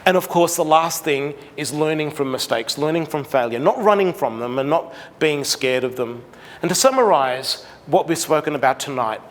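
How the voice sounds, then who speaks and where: A middle-aged Australian man giving an animated seminar talk to parents, acting out conversations with his daughter. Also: fairly high pitch. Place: large school hall. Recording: long hall reverb.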